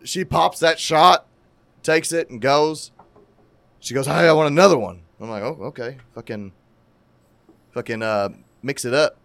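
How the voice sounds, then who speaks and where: A man telling a crude, animated story in casual profane podcast chat, laughing at his own tale. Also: medium pitch, dry recording.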